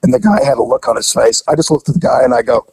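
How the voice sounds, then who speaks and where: This older retired cop races through his stories in a creaky, slightly rough voice of medium pitch, animatedly acting out the people he quotes during a casual chat. The recording is dry and the audio poor.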